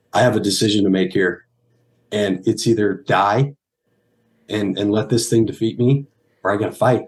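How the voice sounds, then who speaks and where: A man in his thirties speaks as an interview guest, his voice on the low side. He tells his story earnestly, stopping and restarting, and sounds near tears. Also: darkish tone. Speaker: guest, former pro football player. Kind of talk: emotional personal story.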